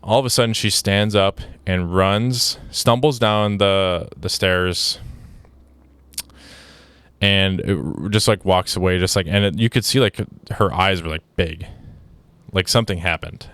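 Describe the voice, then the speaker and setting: Man, young adult, low voice, smooth and clear, dry close sound, casual rambling story, exasperated. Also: unhurried, fairly bright tone, no echo. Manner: exasperated, rambling with many restarts and "like". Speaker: podcast host.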